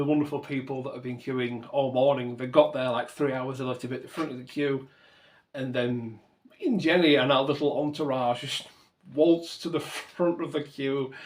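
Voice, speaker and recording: Guy rambling on to camera, earnest and grateful, keeps restarting his sentences. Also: mid-range voice. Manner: earnest and thankful, rambling with lots of self-corrections. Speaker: model railway channel host. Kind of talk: reflective to-camera vlog talk.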